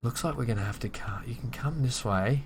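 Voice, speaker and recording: A man's voice: mid-range voice, a little fast, a little hiss or hum. A man giving casual commentary on his own gameplay as a video host, muttering to himself and talking to the game pieces.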